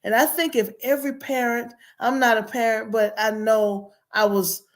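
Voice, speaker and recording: A woman's voice: fairly high pitch, steady tone, normal speed. A middle-aged woman guest telling her childhood story in an earnest, reflective way. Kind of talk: personal storytelling.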